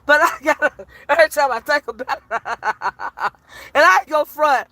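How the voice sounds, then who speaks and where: A woman giving animated, laughter-filled reaction commentary to her livestream chat, teasing and petty. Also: high voice, normal speed, dry recording.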